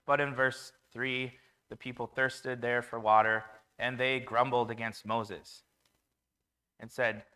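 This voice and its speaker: A man's voice: mid-range voice, level tone, slow, pushed and bright, smooth. A man preaching a conversational sermon in a church, with fillers and restarts.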